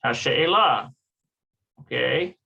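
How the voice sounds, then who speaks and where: A man's voice: medium pitch, animated, slow, gravelly, slightly rough, lo-fi sound. A man teaching an online Hebrew lesson, thinking aloud with hesitations and stopping to check pronunciations. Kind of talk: slow online language lesson.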